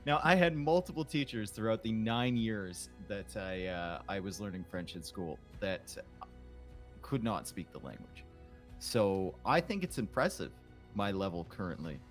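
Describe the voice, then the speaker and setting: A man's voice: lowish voice, expressive, a little slow, soft background music. Rambling self-mocking male caster. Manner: rambling, self-deprecating, restarts. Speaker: esports caster. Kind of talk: casual stream chat.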